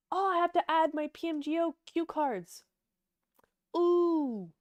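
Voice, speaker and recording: A young woman casually chatting with her livestream chat as an esports caster and analyst, bubbly and quick to laugh. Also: extremely high pitch, animated, dry recording.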